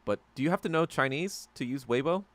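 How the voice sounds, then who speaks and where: A man's voice: mid-range voice, animated, fairly quick, fairly bright tone. A man hosting a casual solo podcast chat, ranting with constant swearing and trailing off into fillers and restarts. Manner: profane ranting, heavy swearing. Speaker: podcast host.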